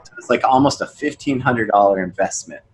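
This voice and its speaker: Guesting on a podcast, a young man who works as a sales coach spins casual stories, acting out each character's lines with lively leaps in pitch. He talks a little fast; the recording is rough, with slight background noise.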